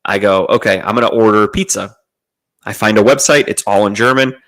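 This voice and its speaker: A man's voice: on the low side, a little fast, fairly bright tone, low-quality recording. A young adult man from the United States telling a rambling, profane travel story in a laid-back way. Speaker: podcast host. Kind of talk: casual storytelling monologue.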